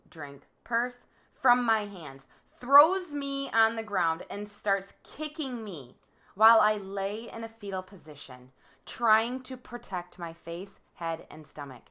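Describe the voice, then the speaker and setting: A woman reading her court impact statement aloud, measured and halting, stressing the quoted words. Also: medium pitch, sharp tone. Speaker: victim giving a statement.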